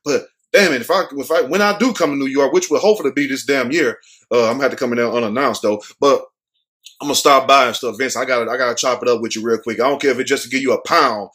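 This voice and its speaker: A man's voice: mid-range voice, fast, fairly bright tone. A man hosting a show, giving casual, joking news commentary full of cursing and street slang. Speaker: show host.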